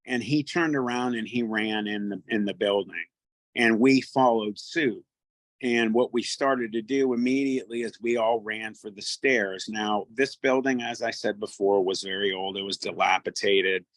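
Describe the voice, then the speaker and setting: A man casually telling a first-person encounter story in a halting way, often repeating his words. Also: lowish voice, fairly even intonation, a bit bright, dry recording, poor audio.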